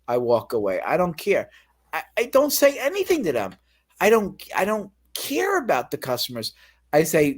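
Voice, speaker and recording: A fired store cashier tells his story in a livestream rant, his fairly high voice sing-song and at normal speed. He's profane and mimics the voices of the people he quotes.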